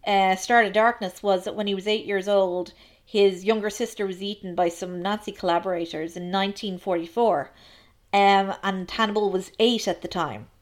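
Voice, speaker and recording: Chatty woman co-hosting a film podcast. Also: mid-range voice. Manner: chatty and analytical, many ums. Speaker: podcast co-host. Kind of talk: casual film discussion.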